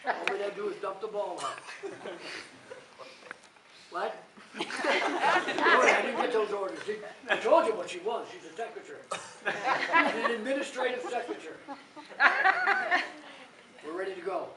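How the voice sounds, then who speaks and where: A man's voice: sits high, very animated, moderate pace, long pauses, over a noisy crowd. An older man, a retiring school coach, telling blunt, chuckling stories at a gathering. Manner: blunt, chuckling, rambling anecdotes. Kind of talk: casual storytelling at a gathering. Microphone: far from the mic. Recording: echoey, distant, noisy hall.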